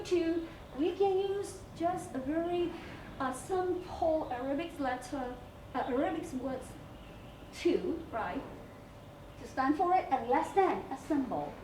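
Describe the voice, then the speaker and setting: A woman teacher with a Hong Kong English accent, walking her students through a lesson. Her voice is high and sing-song, and she spells words out letter by letter. It was recorded in a school room from some distance off the mic, so the sound is echoey with a faint hiss. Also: a little mellow. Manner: explains step by step, spells out letters, many fillers. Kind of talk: recorded class lesson on campus TV.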